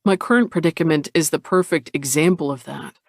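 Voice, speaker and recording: A man reading a romance audiobook in the first person, measured and introspective. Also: on the high side, vocal fry, no echo, clean studio sound. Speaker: audiobook narrator. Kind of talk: first-person scripted narration.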